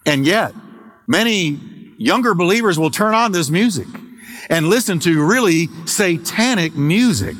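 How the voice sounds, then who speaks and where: A middle-aged man pastor preaching an emphatic sermon, slowing and stretching key words for weight. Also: sits high, expressive, fairly bright tone, long reverb tail. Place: church sanctuary.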